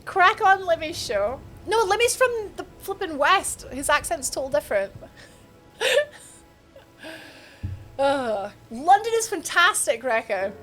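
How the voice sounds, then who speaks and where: A woman with a bright, high Edinburgh Scottish voice chats away to her stream audience, laughing easily and welcoming viewers by name. Soft background music plays quietly behind her. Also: very animated, slow pace. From Scotland. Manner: chatty, laughs often, greets chat by name. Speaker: game streamer. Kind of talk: casual live-stream chat.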